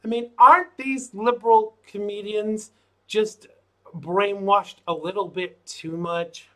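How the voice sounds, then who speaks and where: Brash high-voiced male talk show host. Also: steady tone, slow pace, fairly bright tone. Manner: brash, mocking and blunt. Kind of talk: casual political talk show chat.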